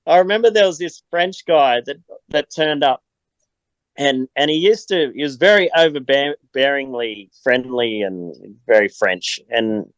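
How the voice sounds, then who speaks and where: A man's voice: medium pitch, expressive, normal speed, no room sound, rough recording. An Australian man chatting as a podcast guest, telling rambling stories and laughing often. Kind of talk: casual chat.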